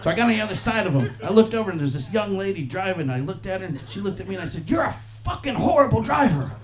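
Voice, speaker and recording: A man in his forties performing a stand-up comedy set on a club stage into a handheld mic, profane and animated, often acting out other people's voices. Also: high-pitched, racing. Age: 40s. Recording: live club set with crowd laughter. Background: audience laughing.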